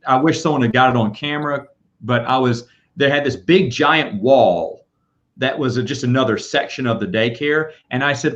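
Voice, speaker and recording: A man hosting a casual chat, telling rambling, animated stories. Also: medium pitch, normal speed. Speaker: podcast host. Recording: dull lo-fi audio.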